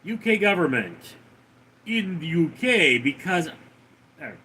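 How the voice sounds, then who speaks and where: A man hosting a livestream, reading viewer comments aloud and answering them with dry, deadpan remarks. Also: on the high side, slow pace, long pauses, slight background noise. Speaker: livestream host reading chat.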